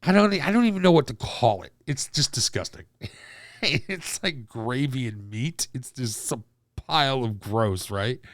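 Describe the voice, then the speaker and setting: A man's voice: medium pitch, expressive, unhurried, dry recording, clean studio sound. A man ranting in a profane opinion monologue. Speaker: commentator.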